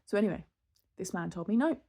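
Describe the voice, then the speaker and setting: Talking fast at a medium pitch, a British vlogger in her thirties rants casually about her frustrations. Her exasperated, animated storytelling is broken up by laughter and sighing.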